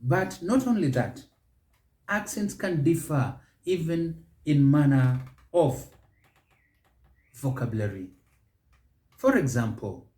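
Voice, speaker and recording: A man with a Kenyan accent hosting a pronunciation lesson, speaking slowly and deliberately and stretching key words. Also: medium pitch, darkish tone. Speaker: show host and English pronunciation teacher. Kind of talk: measured spoken lesson. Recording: echoey room.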